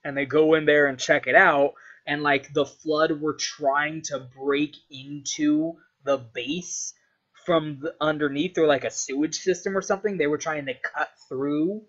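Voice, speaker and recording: In a dull, lo-fi clip, a young vlogger tells a story in a casual, meandering way, cursing often and filling gaps with "like." His voice sits fairly high, steady and slightly bright, and he takes his time.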